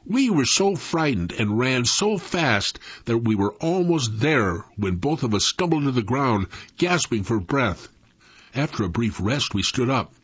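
A man narrating a first-person story with an expressive, dramatic delivery. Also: medium pitch, a little slow, slightly rough, dry recording, dull audio.

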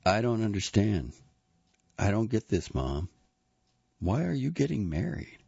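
A man's voice: lowish voice, big pitch swings, measured pace, creaky, dark tone, husky, no room sound, highs cut off, voice pushed up, heavily acted. A man reading an audiobook, voicing a grown son who sounds incredulous and accusing toward his mother.

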